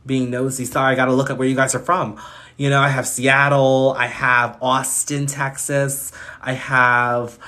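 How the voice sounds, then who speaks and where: A man's voice: mid-range voice, little pitch movement, moderate pace, sharp tone. A man hosting a live stream, giving casual astrology readings in a chatty way, often laughing and reeling off chart placements.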